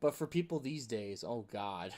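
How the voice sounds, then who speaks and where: A man's voice: medium pitch, expressive, a little slow, a little mellow. A man hosting a gaming video, talking in a rambling, casual rant full of filler words. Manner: rambling, chuckling, heavy use of filler words.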